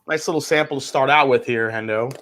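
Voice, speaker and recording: A man's voice: mid-range voice, fairly quick. A man hosting a casual livestream tasting chat, joking and playful. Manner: jokey, animated, playful. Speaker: livestream host.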